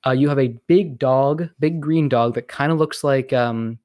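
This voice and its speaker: A man's voice: medium pitch, normal speed, mellow, no echo. A man co-hosting a podcast in casual chat, rambling and laughing often. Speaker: podcast co-host.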